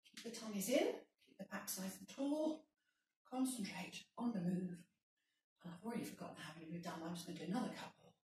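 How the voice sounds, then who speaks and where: A woman's voice: fairly low pitch, animated, brisk, mellow, far from the mic, slight background noise. Woman fitness instructor in an echoey room. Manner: encouraging, counting reps while exercising. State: slightly out of breath. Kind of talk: workout instruction.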